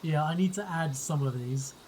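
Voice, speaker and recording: A man narrating a tabletop game as game master in a measured, descriptive way. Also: on the high side, darkish tone, a little hiss or hum, poor audio.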